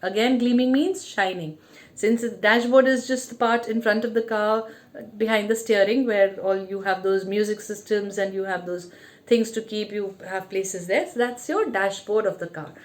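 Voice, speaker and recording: A woman teacher reading a story aloud and stopping often to explain the meaning of words, slow and patient. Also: medium pitch, steady tone.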